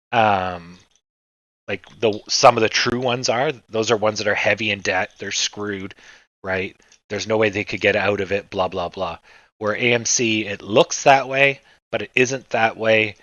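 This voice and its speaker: A man's voice: fairly low pitch, fairly bright tone, no room sound, highs cut off. A man hosting a stock trading livestream, chatting casually and rambling with lots of fillers, and he swears now and then.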